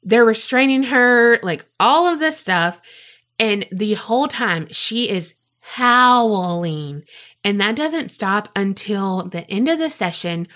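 Slow-talking woman telling a tale. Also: mid-range voice. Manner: animated, swears freely, laughs while telling. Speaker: podcast co-host. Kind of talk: casual storytelling chat.

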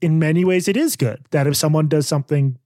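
Guy cohosting a podcast, kinda high voice, talks fast, rambles and cuts himself off. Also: warm tone, no room sound, clean studio sound. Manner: rambling, self-interrupting and sarcastic. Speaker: podcast co-host. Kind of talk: casual podcast chat.

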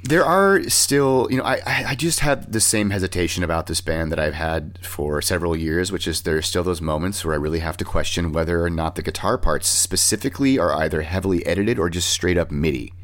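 A man's voice: low voice, fast, hardly any pauses. A man hosting a casual music podcast, swearing freely as he talks about bands. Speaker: podcast host.

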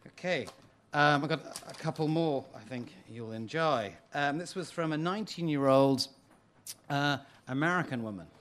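A man's voice: a little high, moderate pace, fairly bright tone. Man giving a playful talk. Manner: playful, chuckling storyteller. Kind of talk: live talk to an audience. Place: hall before an audience.

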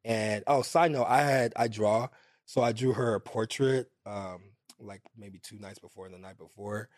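A man's voice: lowish voice, moderate pace, no room sound. Man telling a rambling story, dry sound. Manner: animated, rambling anecdotes with many fillers. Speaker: podcast guest. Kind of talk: casual storytelling chat.

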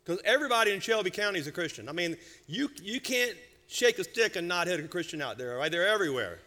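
A middle-aged man preaching a sermon, telling a humorous family story with lively, animated delivery. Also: high-pitched, quick pace, hardly any pauses. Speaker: senior pastor. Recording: church hall reverb.

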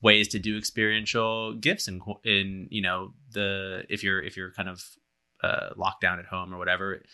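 A man's voice: low voice, little pitch movement, normal speed, pushed and bright, smooth. A man co-hosting a podcast, chatting casually with rambling, joking sentences. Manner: rambling, full of fillers and restarts, joking. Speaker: podcast co-host. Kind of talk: casual chat.

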